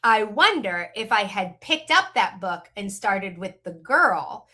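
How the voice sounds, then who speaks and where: A woman's voice: medium pitch, very animated, slow, bright, forceful tone. A middle-aged woman co-hosting a casual book chat, candid and chatty with strong opinions. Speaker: podcast co-host.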